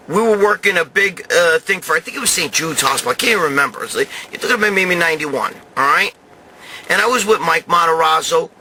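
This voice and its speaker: A man's voice: fairly high pitch, pushed and bright, slight background noise. A middle-aged man telling a long, rambling story full of swearing and tough-guy bravado, talking straight to his audience. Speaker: show host telling a story. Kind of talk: profane storytelling monologue.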